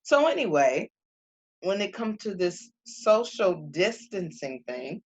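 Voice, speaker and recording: A woman talking casually to viewers about faith and feelings, acting out her own quotes in an animated way. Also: fairly low pitch, takes it slowly.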